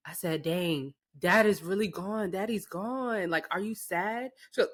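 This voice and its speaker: A pregnant young woman co-hosting a podcast, telling stories in a casual, animated way, acting out voices and swearing freely. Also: medium pitch, a little slow. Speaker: podcast co-host. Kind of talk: casual chat.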